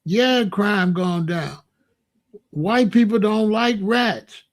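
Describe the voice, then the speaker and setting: Guy going off in a rant, kinda high voice, keeps hammering the same point. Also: slow. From Chicago. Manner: emphatic, repetitive, drawn out for emphasis. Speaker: commentator. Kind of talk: ranting monologue to camera.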